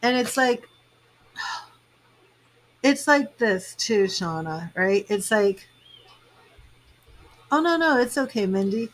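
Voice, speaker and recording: A woman's voice: fairly high pitch, expressive, slow pace, pauses often, rough recording. A woman reading tarot on a live stream, chatting with viewers in an emotional, rambling way with lots of fillers, tearful at times. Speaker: tarot reader and psychic medium.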